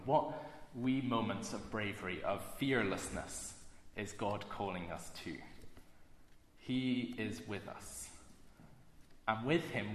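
A man preaching a sermon in an earnest, measured way, slowing down to stress key phrases. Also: fairly low pitch. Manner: earnest, measured delivery with slow emphatic phrases. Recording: echoey hall with long reverb.

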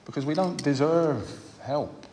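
A man preaching a sermon, speaking in a measured way and repeating phrases for emphasis. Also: on the high side, warm tone, slight background noise. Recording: long hall reverb.

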